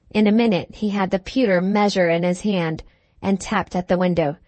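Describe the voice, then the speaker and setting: A woman reading a classic novel aloud as an audiobook narrator, in a measured, dramatic manner. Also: lowish voice, steady tone, darkish tone, no echo. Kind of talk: scripted narration.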